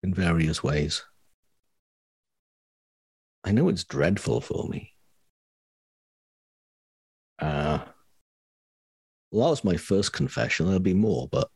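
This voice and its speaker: A man's voice: rumbling low, animated, a little slow, gravelly, long pauses, a little mellow, husky, no echo, studio quality. A man co-hosting a podcast in casual chat, rambling and self-mocking with a wry humor. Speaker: podcast co-host.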